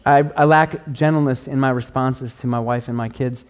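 A man's voice: mid-range voice, steady tone, normal speed, clear, resonant tone. A middle-aged man preaching a sermon, telling stories about himself in a conversational, self-deprecating way. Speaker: pastor.

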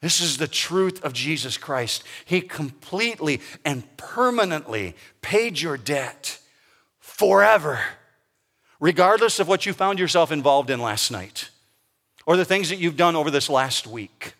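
Male pastor, emphatic sermon delivery, lively pitch, big reverberant sanctuary. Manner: emphatic, slows down to stress key words. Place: church sanctuary. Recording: long reverb of a large hall.

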